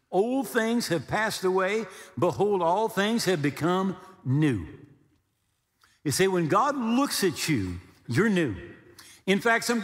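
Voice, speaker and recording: A man preaching a sermon as pastor, animated and humorous, acting out little dialogues. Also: high voice, takes it slowly, long reverb tail.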